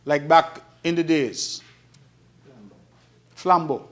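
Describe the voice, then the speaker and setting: High-voiced Nevisian man making a speech. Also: extremely slow. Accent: Kittitian-Nevisian. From Saint Kitts and Nevis. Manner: emphatic, repetitive oratory with rising and falling delivery. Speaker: politician addressing parliament. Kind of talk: parliamentary speech. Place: parliament chamber.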